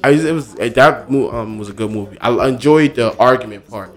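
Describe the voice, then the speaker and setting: A man co-hosting a casual podcast, laid-back and agreeable, chiming in with quick affirmations. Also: medium pitch, soft background music. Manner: laid-back, agreeable, lots of short backchannels. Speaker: podcast co-host.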